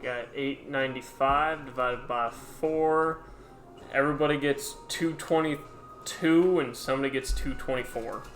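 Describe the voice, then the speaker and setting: A man's voice: mid-range voice, fairly even intonation, a little slow, fairly bright tone. A man player in a tabletop game session, listing items one by one in a businesslike way.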